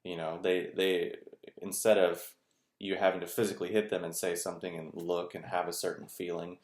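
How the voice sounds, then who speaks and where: A male video host speaks a little fast in a low, slightly mellow voice with flat delivery. Recorded in an echoey room, he rambles casually and conversationally, using lots of fillers.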